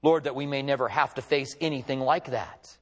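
A man's voice: mid-range voice, steady tone, brisk. A male pastor preaching a sermon, retelling the story with quoted dialogue in an emphatic, storytelling way.

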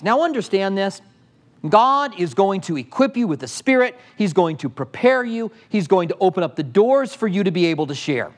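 High-voiced passionate male pastor. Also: expressive, a little fast. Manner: passionate, rhetorical questions. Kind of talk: sermon teaching.

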